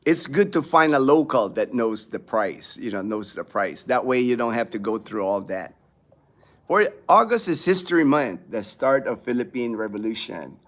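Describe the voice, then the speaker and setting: A man's voice: mid-range voice, sing-song, normal speed, a bit bright. A man hosting a casual livestream, chatting with viewers and reading their comments, rambling with many fillers and restarts. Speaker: livestream host. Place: home in the Philippines.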